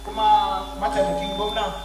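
A man's voice: high-pitched, level tone, normal speed, music in the background. A man interpreting a sermon live, echoing the preacher's fervor.

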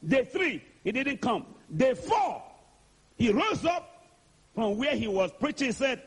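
A male preacher with a very high, husky voice delivers a sermon with lively swings in pitch. He hammers repeated questions at his listeners and calls on them to answer back. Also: unhurried. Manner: call-and-response, urging the congregation to answer; repetitive, rhetorical questioning.

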